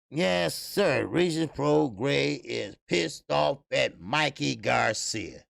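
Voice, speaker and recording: A man's voice: mid-range voice, lively intonation, takes it slowly, gravelly, few pauses, fairly bright tone, no echo, clean studio sound. A man hosting a casual boxing livestream who talks bluntly and profanely, laughs often and rambles with lots of fillers while reading viewers' chat. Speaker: boxing channel host.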